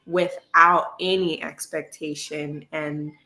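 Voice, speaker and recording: A woman's voice: sits low, flat delivery, slow, pushed and bright. A woman co-hosting a casual chat, adding short remarks and thoughtful comments. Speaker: podcast co-host.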